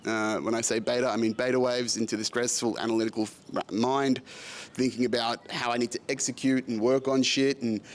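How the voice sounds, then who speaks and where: A man's voice: medium pitch, little pitch movement, a little fast. A man, hosting his own podcast in a candid, confessional monologue that rambles and swears freely. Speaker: podcast host. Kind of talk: candid personal vlog monologue.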